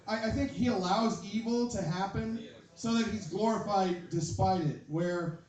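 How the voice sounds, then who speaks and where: Male stand-up comic, rambling, erupts into shouted bits; higher voice, echoey room. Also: measured pace. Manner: rambling, shouts sudden impressions. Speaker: stand-up comedian. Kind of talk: stand-up set at an open mic. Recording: roomy, from a distance.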